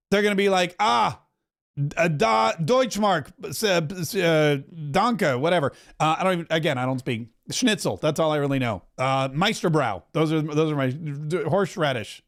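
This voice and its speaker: A man hosting opinionated political commentary, sarcastic and mocking, speeding up and then drawing words out. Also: high voice. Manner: sarcastic, mocking, pace swings between rushed and drawn out.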